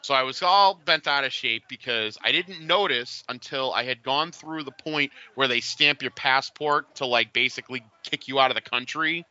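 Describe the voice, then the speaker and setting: A man in his forties chatting casually and telling an animated story, acting out the voices of the people in it. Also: medium pitch, normal speed, hardly any pauses, clear, resonant tone, no echo, lo-fi sound. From Boston area. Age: 40s.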